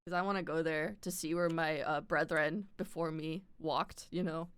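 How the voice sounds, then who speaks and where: A woman's voice: low-pitched, steady tone, moderate pace, clear, resonant tone, no room sound. A woman streamer chatting casually while she draws, swearing often and laughing a lot.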